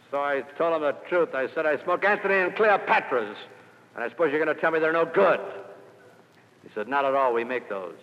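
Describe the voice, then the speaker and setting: An older man giving a motivational speech to salespeople, telling an anecdote and building to loud emphatic peaks before dropping quiet again. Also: on the high side, animated, fairly quick, slight background noise. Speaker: sales speaker. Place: lecture hall. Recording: old lo-fi recording in a large hall.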